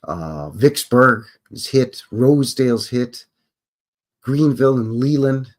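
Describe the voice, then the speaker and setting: A man's voice: mid-range voice, slow. A man hosting a show, talking casually and thinking aloud about an old song he plays. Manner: musing, thinking aloud with restarts. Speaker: host.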